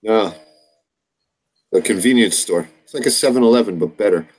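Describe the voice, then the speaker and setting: A man's voice: fairly low pitch, moderate pace, a little mellow. An American man chatting casually and joking about words. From United States. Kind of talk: casual group chat. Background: dogs barking, birds.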